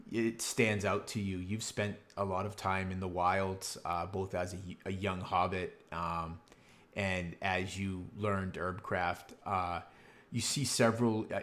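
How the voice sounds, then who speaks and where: A man narrating as game master over an online call, describing scenes haltingly with many pauses and fillers. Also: low voice.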